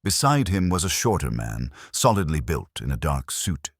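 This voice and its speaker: Deep husky guy narrating a detective story, dry and matter-of-fact, lively delivery. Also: normal speed, no echo. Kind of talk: scripted first-person narration.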